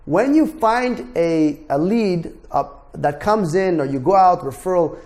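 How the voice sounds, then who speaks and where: A blunt, emphatic man lecturing students as a real estate broker and instructor. His voice sits fairly high for a man, and he hammers points home by repeating words and swearing freely. He talks to the class directly, like a no-nonsense mentor. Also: animated, a little slow, darkish tone.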